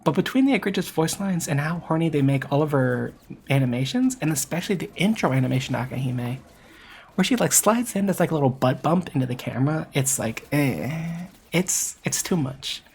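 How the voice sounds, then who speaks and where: A gravelly voice with a lively pitch that rises and falls a lot, delivering an opinionated game critique at a desk mic. The speaker leans on repetition for emphasis and stumbles into quick self-corrections. Faint noise sits underneath. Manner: emphatic, repeats points for stress; self-correcting, with filler words. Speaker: VTuber game commentator.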